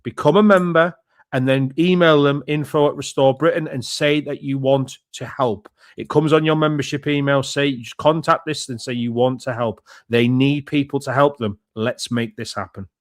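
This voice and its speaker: A man's voice: medium pitch, steady tone, normal speed, no echo, clean studio sound. A man co-hosting a political podcast, speaking in an enthusiastic, rallying way. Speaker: podcast co-host.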